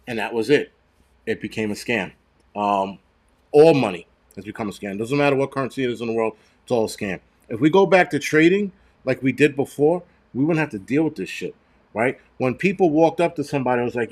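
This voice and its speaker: A man's voice: mid-range voice, lively intonation, normal speed. A man hosting a casual livestream, ranting bluntly with lots of swearing and rambling restarts. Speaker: host.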